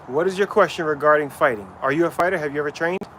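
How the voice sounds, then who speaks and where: A man's voice: on the high side, fast talker, fairly bright tone, slight background noise. A man livestreaming while training, chatting casually with viewers and stumbling over names as he asks questions.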